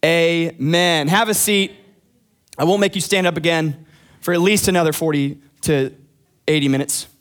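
A man's voice: fairly high pitch, normal speed, long pauses, fairly bright tone. A young man preaching a casual sermon as youth pastor, friendly and joking with the congregation.

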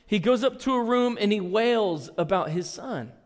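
Male pastor with a high voice, preaching earnestly in a big echoing sanctuary. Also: animated, normal speed. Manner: earnest storytelling, reads and retells scripture. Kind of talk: sermon. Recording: long reverb in a large hall.

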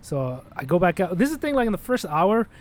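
A young man tells a rambling story in casual chat, swearing freely and acting out lines of dialogue. He talks quickly in a slightly high voice. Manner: rambling, profane, animated, acts out quotes.

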